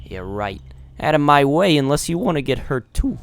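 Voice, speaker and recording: A man's voice: on the high side, sing-song, moderate pace, slight background noise. A man doing a scrappy, hot-headed young swordsman. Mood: cocky. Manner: cocky, picks fights.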